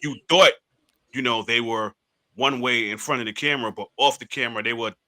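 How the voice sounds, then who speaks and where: A man with a mid-pitched, extremely bright and sharp voice chats about sports in a laid-back way. He agrees often with the other hosts. The sound is dry and close. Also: fairly quick, no echo. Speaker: podcast co-host. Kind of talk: casual sports chat.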